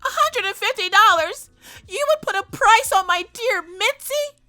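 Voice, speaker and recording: A frantic dog owner in a shrill, piercing voice, as a woman puts her on. She shrieks high and loud and swings wildly up and down. Her voice is bright and sharp, with faint music behind it. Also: animated, moderate pace, full character voice.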